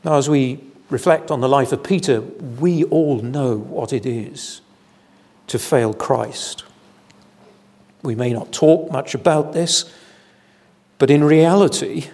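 A man preaching an evening sermon in a church, measured and deliberate, with solemn emphasis. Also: mid-range voice, a little mellow. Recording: long hall reverb.

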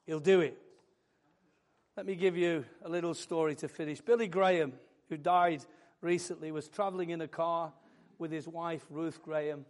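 A man preaching a sermon, building fervently into loud, emphatic declarations. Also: on the high side, fairly even intonation, normal speed.

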